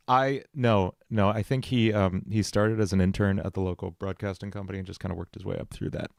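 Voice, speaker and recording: A man's voice: sits low, steady tone, a little fast, vocal fry, hardly any pauses. A man hosting a casual livestream from his home studio, thinking aloud as he writes song lyrics and answers chat questions. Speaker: musician and livestream host.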